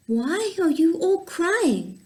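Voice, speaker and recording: A woman reading the quoted lines of a gentle, kind male figure in a children's Bible story. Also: very high-pitched, sing-song, slow pace, voice pushed up, heavily acted.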